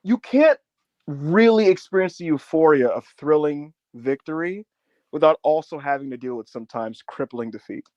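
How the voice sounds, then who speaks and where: A man chatting on a podcast, his voice sitting a touch high and recorded dry and close. He tells stories with energy and swears freely, acting out the lines he quotes. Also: normal speed, no room sound, dull audio. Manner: animated storytelling, swearing, acts out quotes. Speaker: podcast co-host. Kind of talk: casual podcast chat.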